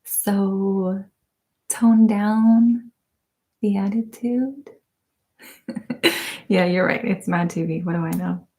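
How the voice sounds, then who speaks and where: A soft-spoken woman chats casually with her live-stream viewers, slipping in and out of whispers. Her voice has a mellow, darker tone. She talks at a slow, unhurried pace. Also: mid-range voice, steady tone. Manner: soft-spoken, drifting into whispers, laughs often. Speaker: ASMR channel host.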